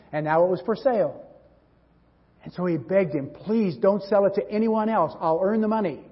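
A pastor with a fairly high, husky voice preaches a sermon in a church sanctuary, earnestly telling a story and acting out its dialogue. The audio is dull and roomy, typical of a church hall.

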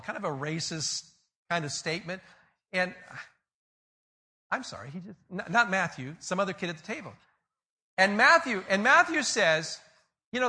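A man's voice: sits high, bright, forceful tone. A man as a pastor, giving a conversational sermon with joking asides and retold stories.

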